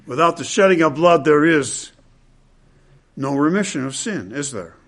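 At normal speed and with animation, a man gives an expository sermon, driving home key phrases through repetition. His delivery rises to loud, emphatic peaks and drops to hushed, low passages.

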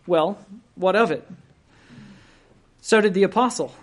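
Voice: mid-range voice, measured pace, long pauses. A preacher delivering a sermon in an earnest, exhorting manner, speaking directly to listeners and lifting the voice to stress each quoted verse.

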